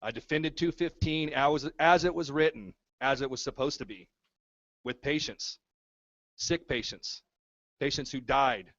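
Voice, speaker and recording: A man's voice: medium pitch, unhurried, a bit bright, muffled recording. Fervent man rallying a town hall. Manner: fervent, repetitive rallying speech. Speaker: activist speaking at a town hall. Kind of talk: impassioned public speech. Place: town hall meeting room.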